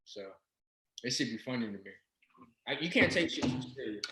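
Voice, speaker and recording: Brief: man, interview guest, loose profane storyteller, bright and forceful tone, roomy echo. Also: mid-range voice, a little fast, a little hiss or hum. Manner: swearing, animated, laughing storyteller. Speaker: interview guest, regression practitioner. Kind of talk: casual storytelling chat.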